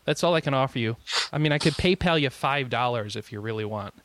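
A man's voice: medium pitch, expressive, quick pace, a bit bright, a little hiss or hum. A man hosting a podcast in casual chat, rambling with jokey asides and frequent chuckles. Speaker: podcast host.

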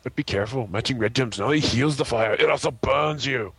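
A man putting on a gruff dwarven voice as a grumpy old dwarf, reading out game text. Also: mid-range voice, a little fast, a bit bright, lightly acted. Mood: gruff narrating.

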